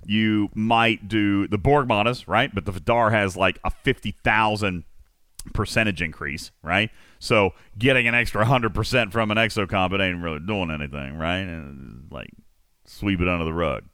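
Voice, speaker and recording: A man's voice: on the low side, moderate pace, sharp tone, clear, resonant tone, no room sound, studio quality. A man hosting a casual gaming chat, teasing his co-hosts and rambling through tips. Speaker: podcast host.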